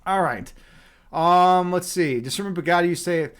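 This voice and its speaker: A man's voice: high voice, a little slow, clean tone. A man from Chicago hosting a casual livestream chat, rambling and laid-back, repeating words and saying "dude" and "man" a lot. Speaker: livestream host.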